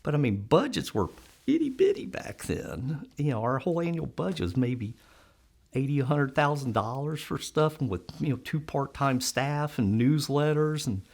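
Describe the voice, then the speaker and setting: Animated man telling stories. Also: fairly high pitch, normal speed, vocal fry. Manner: animated storyteller, acts out quoted voices, laughs often. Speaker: interviewee. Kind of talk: conversational storytelling interview.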